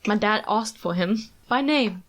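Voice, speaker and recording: A woman's voice: medium pitch, a little slow. A South African woman co-hosting a podcast, telling a true-crime story in a chatty way and laughing often as she goes. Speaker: podcast co-host.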